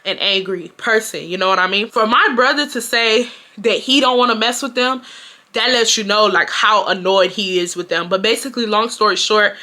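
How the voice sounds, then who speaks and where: A woman, telling a storytime vlog in an animated, profane way and acting out the shouting. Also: medium pitch, moderate pace. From Houston, Texas. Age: 20s. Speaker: storytime vlogger. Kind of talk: casual storytelling.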